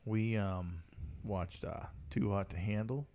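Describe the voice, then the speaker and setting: Low gravelly man, dry teasing chat. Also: slow pace, warm tone, muffled recording. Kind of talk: casual chat.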